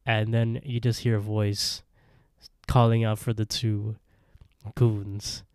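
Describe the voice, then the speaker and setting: Laid-back man with a mellow, dry voice. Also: lowish voice, smooth, no room sound. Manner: animated retelling, acts out lines in quick voices. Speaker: podcast co-host. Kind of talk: casual recap of a horror episode.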